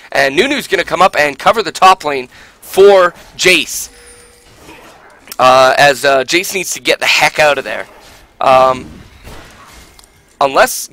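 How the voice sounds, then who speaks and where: A man giving solo live commentary on an online game, rising loud and high in fights, with many fillers. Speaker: esports caster.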